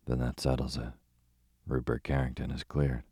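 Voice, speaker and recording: A man's voice: rumbling low, flat delivery, normal speed, dark tone, slightly rough, no echo, studio quality. A man voicing an eager, hasty male companion to a detective.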